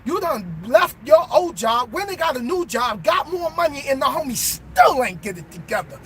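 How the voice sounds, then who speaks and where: A male truck driver giving a motivational pep talk in a preachy way, bursting into shouts, recorded in his truck cab. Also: very high-pitched, very animated, moderate pace, slight background noise.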